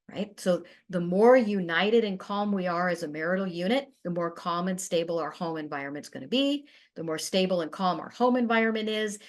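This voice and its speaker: A middle-aged woman, a family therapist, presenting a webinar in an earnest, measured way. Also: medium pitch. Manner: earnest, measured, with quoted dialogue acted briefly.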